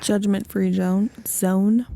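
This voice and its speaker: A woman with a mellow, slightly gravelly voice asks questions in a relaxed podcast chat, teasing her partner and nudging him along. Her voice is close and dry, with no room sound. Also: mid-range voice, slow, no room sound. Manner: teasing, supportive, frequent backchannel agreement. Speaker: interviewer, guest questioner. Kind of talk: casual interview chat.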